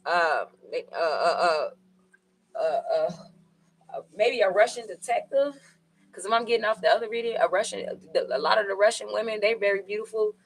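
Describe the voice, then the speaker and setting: A woman's voice: medium pitch, expressive, moderate pace, poor audio. A woman with giving a casual, rambling tarot reading, full of fillers and asides to her viewers. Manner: rambling, conversational, with many fillers. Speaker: tarot reader.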